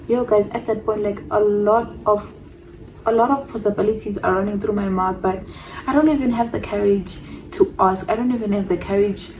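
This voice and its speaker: A woman's voice: mid-range voice, warm tone, distant mic, a little hiss or hum, low-quality recording. A young woman telling a personal story in a casual storytime, rambling, repeating herself and stumbling over words. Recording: voice a bit off-mic.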